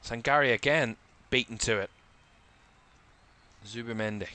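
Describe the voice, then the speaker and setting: A man's voice: medium pitch, measured pace, pushed and bright. A man giving live football commentary for a watchalong stream, calling player names in short bursts and lifting his voice as attacks build, a little tired. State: tired, yawning.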